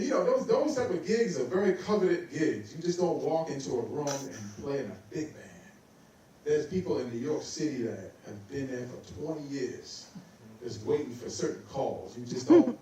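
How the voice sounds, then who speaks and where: A man, a guest saxophonist, telling stories in a lively way on stage, laughing and acting out the voices of people he quotes. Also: mid-range voice, slight background noise. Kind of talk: casual storytelling on stage. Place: recital hall on stage. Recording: echoey recital hall, mic from a distance.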